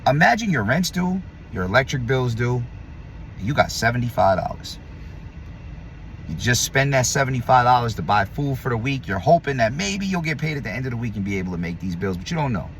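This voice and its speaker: A man delivering a heated, blunt opinion rant to camera, profane and combative, swinging between loud emphasis and low muttering. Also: very animated, a little fast, a little hiss or hum. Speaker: vlogger.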